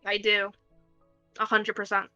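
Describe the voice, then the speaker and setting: Bright-voiced woman playing a tabletop game. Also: medium pitch, a little slow, lo-fi sound, soft background music. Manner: excitable, swears freely. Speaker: player. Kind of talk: casual tabletop game chat.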